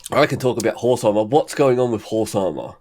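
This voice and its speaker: A man's voice: lowish voice, lively intonation, a little fast, a little mellow. A man co-hosting a podcast in casual chat, laid-back and answering mostly with short agreements. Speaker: podcast co-host.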